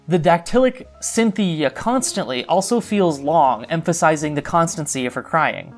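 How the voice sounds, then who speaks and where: A young man narrating a scripted video essay as a literary critic, with dry, wry asides. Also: on the high side. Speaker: literary critic, club co-host.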